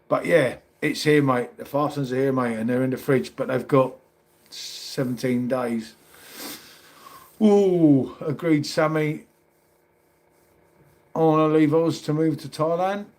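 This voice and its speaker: Middle-aged London man, livestream host, chatty and matey, slightly higher voice. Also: fairly even intonation, measured pace, long pauses, a little mellow. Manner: chatty, matey, calls everyone mate. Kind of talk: casual live chat reading comments.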